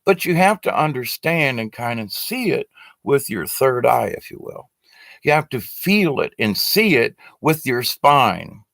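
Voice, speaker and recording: A man's voice: mid-range voice, very animated, measured pace, gravelly, fairly bright tone, no room sound. A man giving a casual, rambling spoken teaching to a live stream audience, talking to his webcam with many fillers and restarts. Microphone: webcam facing the speaker.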